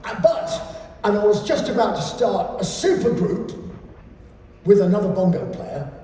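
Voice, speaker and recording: English man in his 60s, sweary stage storyteller, animated and high, distant in a hall. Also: measured pace, a little hiss or hum. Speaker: keynote speaker. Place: large live venue. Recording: echoey hall from far off.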